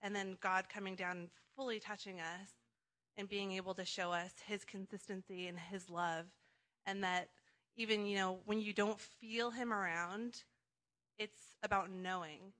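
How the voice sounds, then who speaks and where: A young woman with a bright, clear tone gives a personal testimony at a church gathering. She talks earnestly and rambles a little, with frequent fillers. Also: medium pitch, fairly even intonation, measured pace. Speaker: congregation member sharing testimony.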